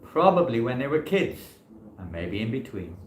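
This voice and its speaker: A man's voice: medium pitch, very animated, normal speed, slight background noise. Rambling man teaching in an echoey hall. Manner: conversational and rambling, many "you know" fillers. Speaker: monk giving a scripture class. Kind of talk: informal scripture class. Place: temple hall.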